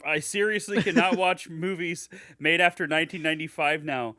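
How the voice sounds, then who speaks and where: A man's voice: a little high, moderate pace, hardly any pauses, sharp tone, dry recording, clean studio sound. A man co-hosting a casual podcast, reading reviews aloud in a sarcastic, mocking way. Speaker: podcast co-host.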